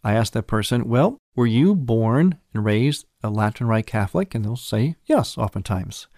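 Patient, explaining priest in a dry studio. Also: male voice, fairly low pitch, animated, normal speed, a little mellow, no echo. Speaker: priest hosting a program. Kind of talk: teaching talk on a religious program.

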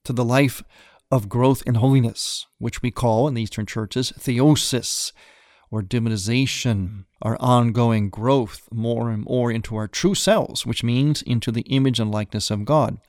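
A male priest hosting a radio teaching program, speaking in a calm, explanatory way as he reads from a book. His voice sits at an ordinary middle pitch. The studio sound is close and dry, with no room echo. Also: measured pace.

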